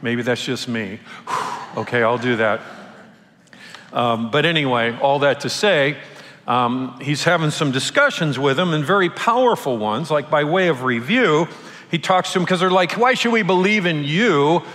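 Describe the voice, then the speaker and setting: A man's voice: medium pitch, animated, moderate pace, a bit bright. A man, a pastor, preaching a sermon in a casual, conversational way with playful asides. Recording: long hall reverb.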